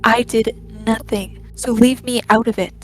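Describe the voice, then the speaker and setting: A woman's voice: a little high, fairly even intonation, measured pace, soft background music. A woman voicing a defiant young woman in a tabletop game, angry and defensive about her father. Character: defiant young woman, emperor's daughter, bitter.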